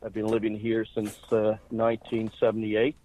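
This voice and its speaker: A man's voice: lowish voice, normal speed. A man in his sixties from Ireland with a Boston accent, telling a personal story steadily in a phone interview. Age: 60s. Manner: steady, conversational storytelling with fillers. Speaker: guest. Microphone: phone call. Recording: dry, tinny phone line.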